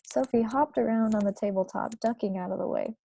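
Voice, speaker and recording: A woman reading a children's novel aloud to a book club in steady storytelling narration. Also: fairly high pitch, a little fast, vocal fry.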